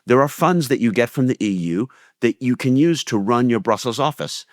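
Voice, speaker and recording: A man's voice: mid-range voice, lively intonation, normal speed, no room sound, clean studio sound. A man co-hosting a political podcast, arguing with passion and emphasis. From United States. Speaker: podcast co-host.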